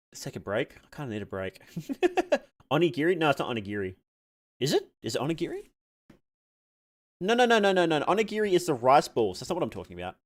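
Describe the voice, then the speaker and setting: A man streaming a game live, swearing at setbacks and rambling through chat questions with many fillers. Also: medium pitch. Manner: swears freely and reacts loudly to in-game deaths. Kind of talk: live gameplay commentary, answering chat.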